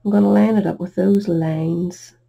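Middle-aged woman, low gravelly voice, chatty self-deprecating crafting host at her table. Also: steady tone, moderate pace, mellow, lo-fi sound. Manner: chatty, self-deprecating, talks while working. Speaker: card-making tutorial host. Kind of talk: casual crafting tutorial.

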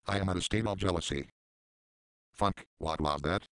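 Deadpan sarcastic man, very deep voice. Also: moderate pace, smooth, no echo. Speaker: commentary channel host. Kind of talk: mocking commentary.

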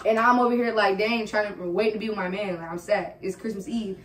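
A woman telling a story in a casual, animated vlog chat at home. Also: medium pitch, a little fast. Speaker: vlogger. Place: home kitchen.

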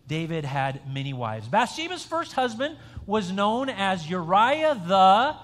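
This male pastor's voice is high and fairly bright, swinging widely in pitch as he talks a little slowly with few pauses. He quizzes the young people during a chatty, joking, conversational sermon, frequently restarting himself. The church sanctuary adds long hall reverb.

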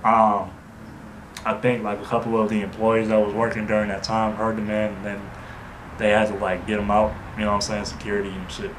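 A man's voice: lowish voice, level tone, brisk, background noise. A man telling a casual storytime to camera, rambling and stumbling, constantly asking "you know what I'm saying" and restarting his sentences. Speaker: vlogger.

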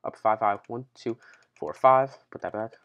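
A man with a lowish, fairly bright voice narrates a casual Minecraft building tutorial at normal speed, out of breath after a workout. Chatty and unscripted, he keeps calling his viewers "guys," counts blocks aloud, and changes plans mid-sentence.

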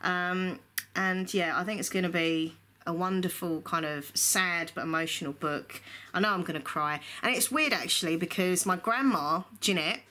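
A woman chatting casually in a home book vlog, rambling and gushing with excitement. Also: on the low side, normal speed, a little hiss or hum. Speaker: book vlogger. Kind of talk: casual book haul chat. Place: indoor room at home.

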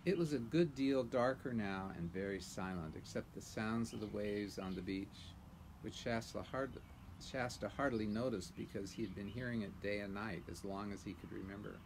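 Male home reader, low gravelly voice, relaxed storytelling, faint room noise. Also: moderate pace. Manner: relaxed, with chatty asides. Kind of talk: reading a children's novel aloud. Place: at home by a fire.

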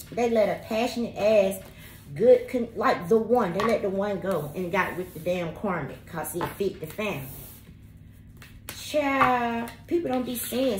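Woman tarot reader, blunt and cussing, straight to camera; echoey room, slight noise. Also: mid-range voice. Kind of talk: spirited tarot reading monologue. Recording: roomy echo with faint background noise.

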